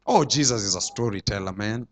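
A man voicing an awed male churchgoer who gushes in a low, hushed, chatty way. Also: a little fast, close to an everyday voice. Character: awed male churchgoer gushing about a story.

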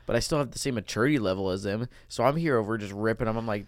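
A man in his twenties co-hosting a podcast in casual chat, excitable and quick to swear. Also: fairly low pitch, no room sound. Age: 20s. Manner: excitable, swears when pumped. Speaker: podcast co-host. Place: podcast studio.

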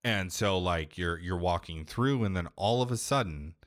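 A man's voice: deep voice, normal speed, dry recording, studio quality. A young man casually recapping a video game's story, rambling, swearing and filling his sentences with 'like'. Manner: rambling, profane, heavy filler 'like'. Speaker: podcast co-host recapping a video game. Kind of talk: casual chat.

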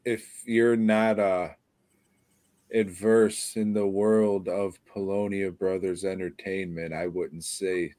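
Tired, profane low-voiced man. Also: flat delivery, slow pace, warm tone, no echo. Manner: sarcastic, profane, rambling. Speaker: podcast co-host. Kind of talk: casual profane movie review chat.

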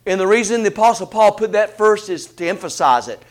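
A man preaching a sermon, asking rhetorical questions in an animated delivery. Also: sits high, brisk.

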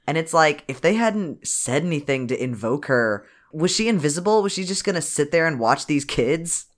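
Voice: medium pitch, lively intonation, moderate pace. A podcast co-host recapping a movie in casual, joking chat, swearing freely and acting out characters' lines.

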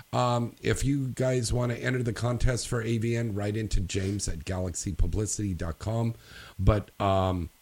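Male host, lowish voice, loose rambling read full of ums and uhs. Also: darkish tone. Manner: loose, rambling delivery with frequent fillers. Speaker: radio show host. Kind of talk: casual industry news chat.

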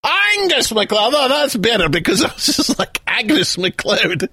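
A man co-hosting a comedic talk show, riffing and joking with his partner and quick to laugh. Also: very high-pitched, big pitch swings, creaky, bright, forceful tone, breathy edge, dry recording, studio quality. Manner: jokey, quick to laugh and riff. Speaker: co-host.

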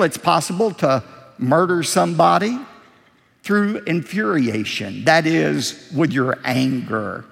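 Male pastor preaching a sermon, animated delivery with gravelly texture, long church reverb. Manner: emphatic preaching, rising for stress and dropping low for asides.

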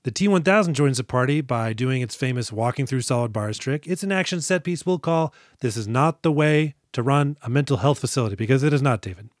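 Man, podcast co-host, casual recap, jokey, profane, mid pitch. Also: expressive, fairly quick, hardly any pauses, no room sound, studio quality. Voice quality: profane, jokey, acts out movie lines. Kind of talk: casual movie podcast chat.

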